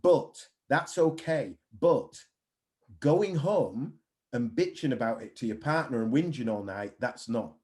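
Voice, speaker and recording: A man's voice: medium pitch, unhurried. A man, a mindset coach speaking bluntly and animatedly in a casual interview. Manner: blunt, animated storytelling with swearing.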